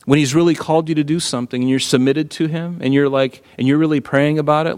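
A middle-aged man preaching a sermon in a conversational, animated way, full of rhetorical questions. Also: on the high side, fast, few pauses, big-room sound. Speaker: pastor.

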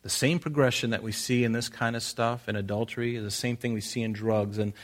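A man's voice: mid-range voice, fairly even intonation, a little fast. A man preaching a sermon in a conversational way, often restarting his sentences and repeating phrases. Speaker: pastor.

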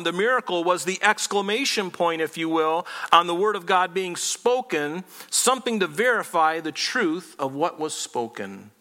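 A man's voice: fairly high pitch, pushed and bright. A man preaching a sermon in an earnest, explanatory way, often restarting phrases. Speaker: pastor.

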